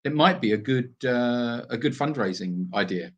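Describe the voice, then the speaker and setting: A man's voice: mid-range voice, animated, normal speed, husky, lo-fi sound. A British man co-hosting a casual live Q&A from an animal sanctuary, rambling with plenty of fillers and restarts. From Britain. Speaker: sanctuary co-host.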